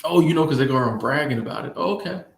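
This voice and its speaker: A man hosting a casual livestream, reading chat and answering viewers in a relaxed, playful way, often repeating his phrases. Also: fairly high pitch, racing, vocal fry. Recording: echoey room.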